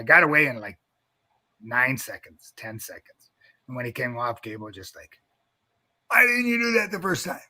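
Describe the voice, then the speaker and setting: A man's voice: mid-range voice, no room sound. A middle-aged man, a wrestling coach, casually telling a story and acting out the voices in it, laughing often. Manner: animated storyteller, acts out quotes, laughs often.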